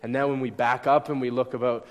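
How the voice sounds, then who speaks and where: A young man delivers a sermon in a relaxed, conversational manner. He keeps checking that his listeners follow along. His voice carries a long reverb from a large hall. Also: mid-range voice, fast talker. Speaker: pastor. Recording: echoey hall.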